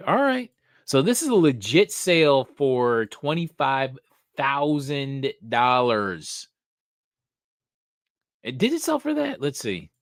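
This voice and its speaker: A man hosting a casual live stream who talks unhurriedly, his pitch swinging a lot as he thinks aloud. He swears casually and perks up with excitement now and then. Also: dry recording, clean studio sound. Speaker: host of a comic book live show.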